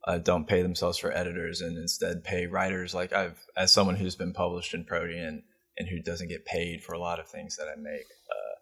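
Very deep-voiced rambling man. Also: level tone, moderate pace, a bit bright, slightly rough. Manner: rambling, loose, swears casually. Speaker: podcast co-host. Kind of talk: casual podcast chat.

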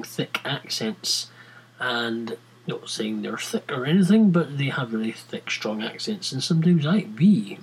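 A Scottish man speaks in a husky, slightly breathy voice at a middle pitch. He rants to his viewers in a loose, rambling way, often restarting his sentences and filling the gaps with ums and uhs. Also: rough recording. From Scotland. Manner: rambling, with many restarts and fillers. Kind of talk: casual rant to viewers.

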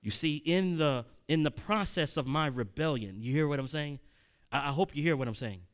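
A man, likely in his thirties, preaching a sermon as a personal story, conversational with sudden loud emphatic peaks and frequent restarts. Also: fairly high pitch, moderate pace.

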